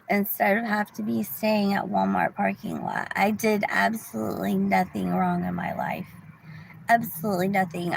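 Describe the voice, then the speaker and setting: A woman's voice: medium pitch, creaky, slight background noise, rough recording. A woman telling a rambling story to her viewers from her car, often restarting her sentences and sometimes dropping to a whisper. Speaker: vlogger. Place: car in a parking lot.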